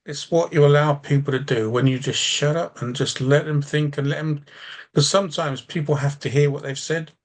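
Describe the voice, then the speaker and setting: A man's voice: a little high, steady tone, normal speed. A man who coaches drivers, talking bluntly in a casual podcast chat, swearing for emphasis and restarting his sentences as he rambles on. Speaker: driving instructor and coach.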